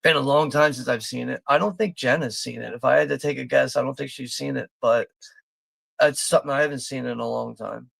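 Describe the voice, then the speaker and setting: Gravelly, foul-mouthed man from Philadelphia. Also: mid-range voice, fairly quick, fairly bright tone, no room sound. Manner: profane, rambling, laughing often. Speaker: watch party host. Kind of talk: casual live commentary.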